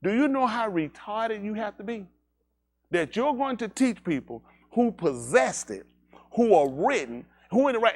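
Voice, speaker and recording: Emphatic man preaching a teaching sermon. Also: sits high. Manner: emphatic, asks the room many rhetorical questions. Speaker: teacher leading a congregation. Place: synagogue service.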